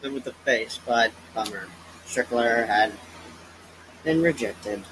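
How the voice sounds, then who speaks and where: A man giving casual, excitable reaction commentary, laughing often and thinking aloud. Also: mid-range voice, slow pace, a little hiss or hum, poor audio. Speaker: reaction video host.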